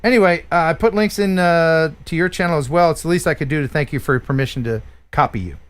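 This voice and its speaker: A man from the USA hosts a casual live stream, chatting and joking as he goes. His voice sits fairly high. He often restarts his sentences mid-thought. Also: fast, smooth. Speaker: live stream show host.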